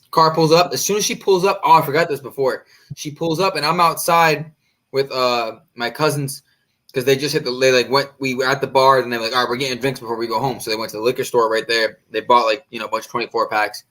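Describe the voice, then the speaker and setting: A man's voice: mid-range voice, brisk. A man casually telling a long story to friends on a podcast. He swears freely and acts out the other people's lines. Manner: animated, profane, acts out quoted voices. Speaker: podcast co-host.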